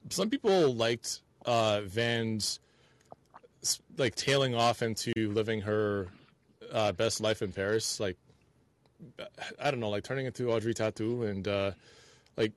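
Halting, thoughtful man in dry audio. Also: lowish voice, no room sound. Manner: thoughtful, halting, repeats words as he thinks. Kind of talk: casual chat.

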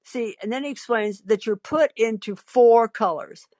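A woman's voice: a little high, moderate pace, a little mellow, no echo. A woman hosting a podcast, telling a story in a wry, theatrical way and acting out the lines of the people in it. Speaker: podcast host. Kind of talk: storytelling monologue.

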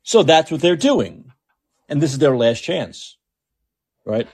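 A man's voice: fairly high pitch, very animated, slow, darkish tone, breathy edge, no echo. A man hosting a podcast with opinionated political commentary, talking in a sarcastic, mocking, repetitive way. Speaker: podcast host.

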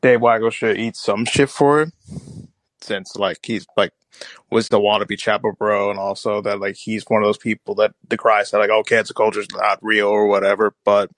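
A man's voice: fairly low pitch, level tone, normal speed, fairly bright tone, no room sound, low-quality recording. Young man panelist, dry sound, lots of "like". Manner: filler-heavy, says "like" a lot. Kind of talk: casual chat.

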